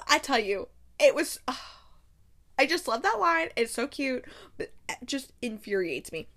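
A woman hosting a podcast, recapping a romance novel in casual chat, animated and exasperated, with lots of "like" fillers. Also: sits high, a little slow, long pauses. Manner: frequent fillers like "like". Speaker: podcast host.

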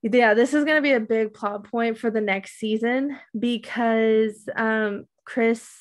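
A woman's voice: on the high side, fairly even intonation, measured pace. A woman co-hosting a podcast, recapping a TV show in casual chat, rambling with many "um"s and "like"s. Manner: rambling, many fillers and likes. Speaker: podcast co-host.

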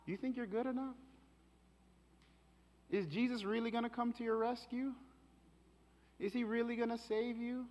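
A sly, hushed devil sneers out doubts in a rather high, insinuating voice, as a preacher puts him on. His taunts ring out with a long hall echo. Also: steady tone, normal speed, long pauses. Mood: taunting. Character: sly tempting male devil spirit.

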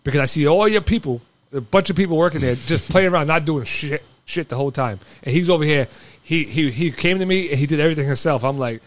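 A man's voice: fairly high pitch, fast. A man chatting casually with friends, rambling through a story with many restarts. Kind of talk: casual chat.

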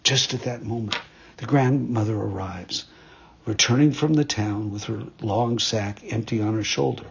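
A man narrating a fairytale in a measured, expressive storytelling manner. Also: lowish voice, vocal fry, highs cut off.

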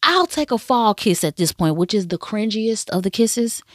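A woman in a casual, animated chat reviewing a drama series, telling the story with slang and asides. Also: medium pitch, normal speed, no echo, studio quality.

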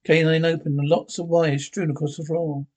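A man's voice: on the high side, flat delivery, moderate pace, a little mellow. A man reading a script and its stage directions aloud in a plain way, with small slips and restarts.

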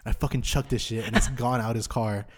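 A young man in his twenties on a podcast, telling a drunk night-out story in animated, slangy chat full of swearing. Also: mid-range voice, brisk. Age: 20s. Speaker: podcast host.

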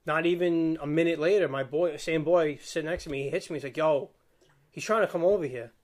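A young man rattles off a story in loose, slangy chat. His delivery is quick and a touch high-pitched, full of filler and asides. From Staten Island, New York. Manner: rambling, slangy, laughs while telling.

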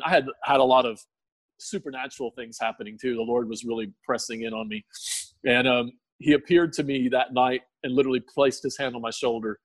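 A man giving an emotional personal testimony in a podcast interview, tearful, earnest and halting, with many restarts. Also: mid-range voice, no echo. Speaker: guest sharing testimony.

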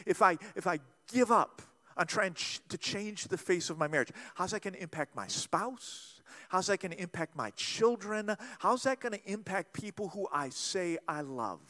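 A man preaching a sermon as pastor, acting out quoted voices and swinging between loud and soft passages. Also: high-pitched, expressive, moderate pace, hardly any pauses, big-room sound.

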